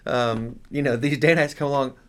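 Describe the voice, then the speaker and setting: A man co-hosting a casual Bible study talk, agreeable and quick with short affirmations. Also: medium pitch, steady tone. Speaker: podcast co-host.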